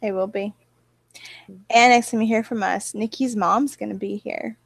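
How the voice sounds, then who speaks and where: A woman's voice: medium pitch, steady tone, moderate pace, vocal fry, husky, dry recording. A woman with a Southern US accent, co-hosting a podcast in casual chat and telling stories at length while acting out her own reactions. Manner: rambling storyteller, acts out her own reactions. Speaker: podcast co-host.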